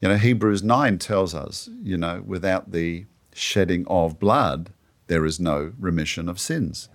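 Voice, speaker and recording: Deep-voiced man explaining scripture. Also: a little slow. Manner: earnest, explanatory, leans on "you know". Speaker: co-host of a Bible teaching show. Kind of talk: conversational Bible discussion.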